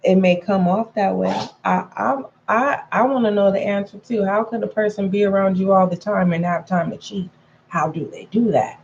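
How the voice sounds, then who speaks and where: A woman's voice: mid-range voice, normal speed, vocal fry, darkish tone, lo-fi sound, slight background noise. A woman giving a casual tarot reading to her viewers, chatty and frank, calling them pet names and repeating points for emphasis. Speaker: tarot reader.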